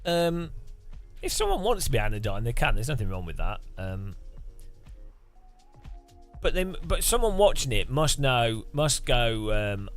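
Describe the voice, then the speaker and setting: A man's voice: medium pitch, sing-song, a little slow, pauses often, fairly bright tone, soft background music. A man chatting casually on a live stream, rambling and musing with frequent restarts.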